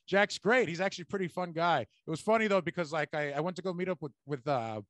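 A man hosting a comedy podcast, telling animated stories in casual chat and swearing freely. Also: a little high, fast talker, no room sound. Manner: animated storyteller, swears a lot.

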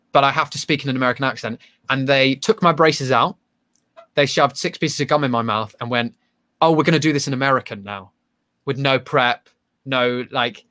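A man's voice: medium pitch, bright, forceful tone. A man, a stage actor, chatting casually in an interview, self-deprecating and full of restarts. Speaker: actor guest.

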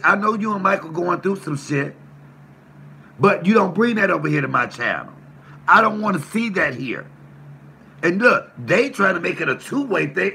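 A man's voice: high-pitched, gravelly, pushed and bright, slight background noise. A man hosting his own livestream, cursing and confronting his chat with emphatic, repeated lines, then answering commenters. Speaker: YouTube livestream host. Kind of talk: heated livestream rant reading chat.

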